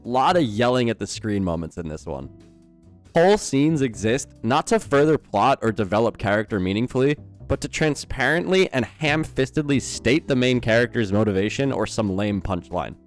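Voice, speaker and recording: A man's voice: mid-range voice, lively intonation, moderate pace, faint music behind. A young man giving a sarcastic, incredulous film review in scripted commentary.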